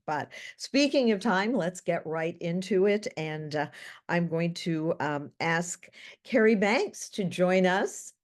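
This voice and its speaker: Female webinar host on a video call, lower register, friendly and scripted. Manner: friendly, scripted introductions with filler pauses. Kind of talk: hosting a webinar.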